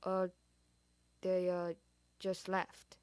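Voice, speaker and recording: A woman voicing a tired, injured young man in a story she reads aloud, talking slowly and dully. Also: on the low side, monotone, darkish tone, clean tone, dry recording. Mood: evasive. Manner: slow, dull, grumbling.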